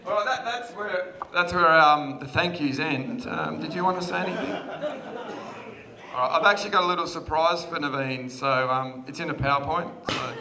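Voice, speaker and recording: The groom, an Australian man in his thirties, talks at normal speed in a fairly high voice, chatty and self-deprecating, with frequent laughter. A crowd of guests chatters around him in the large reception hall.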